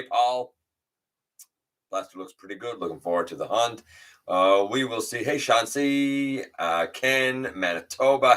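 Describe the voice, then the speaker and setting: A man with a low voice that has a bright, forceful edge hosts a relaxed livestream from his home setup. He rambles a little, greets viewers by name and reads their chat comments back to them. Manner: rambling with fillers and restarts. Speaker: livestream host.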